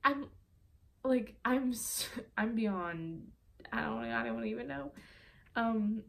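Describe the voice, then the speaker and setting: A woman's voice: fairly high pitch, takes it slowly, vocal fry, fairly bright tone. A young woman telling a story in a casual vlog, chatty and exasperated, full of "like.". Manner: chatty, exasperated, heavy use of "like". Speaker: vlogger.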